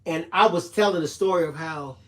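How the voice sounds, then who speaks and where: A man on a live craft stream tells a story with earnest, building emphasis, the way a preacher might. His voice sits a bit high for a man. The delivery is casual and heartfelt. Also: fairly quick.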